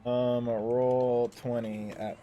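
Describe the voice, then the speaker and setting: A man's voice: mid-range voice, level tone, drawn-out words, warm tone, highs cut off, soft background music. A man narrating a tabletop game as game master in a loose, rambling way, full of ums and restarts.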